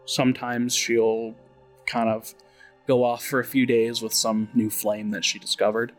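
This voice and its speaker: A man narrating as game master of a tabletop role-play, relaxed and full of fillers. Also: medium pitch, a little slow, soft background music. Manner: relaxed, with many fillers and restarts.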